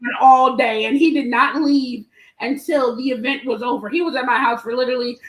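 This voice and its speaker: A woman guest, an event promoter, telling an animated story with laughter. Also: high-pitched, brisk. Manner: animated, laughing, acts out quotes. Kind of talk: casual storytelling. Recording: roomy echo.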